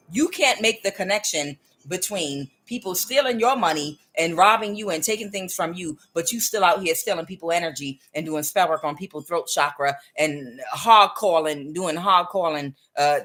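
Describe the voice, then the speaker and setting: A woman giving a tarot reading to camera, scolding and animated, with laughing asides. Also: sits low, poor audio. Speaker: tarot reader.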